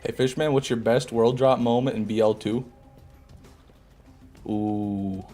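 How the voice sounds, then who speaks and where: A man's voice: medium pitch, fairly even intonation, slow pace, warm tone, soft background music. An American man in live gameplay commentary, chatting with viewers in a joking, swearing way and often laughing. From United States. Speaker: gaming streamer.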